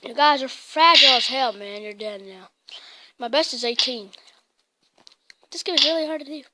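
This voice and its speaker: A woman giving casual gameplay commentary in an excitable way, blurting out mild swears as she plays. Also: high voice, normal speed, heavy background noise. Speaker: gaming channel host. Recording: loud game music over the voice.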